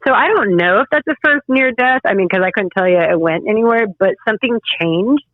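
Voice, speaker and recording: A woman guest telling her story in an interview, halting and emotional with frequent restarts. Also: medium pitch, lively intonation, no echo. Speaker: podcast guest. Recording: tinny phone-line sound.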